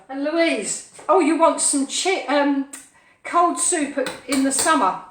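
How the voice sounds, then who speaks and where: Here a woman runs a relaxed live cooking stream at home, talking playfully to her viewers as she cooks and breaking into sing-song asides like a cooking show host. She sounds high-pitched and animated yet a little slow, and the far-off mic gives a roomy sound.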